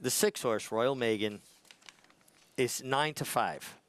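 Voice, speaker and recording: Animated, halting male racing handicapper. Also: medium pitch. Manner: animated, halting, with restarts and repeated words. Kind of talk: horse racing broadcast analysis.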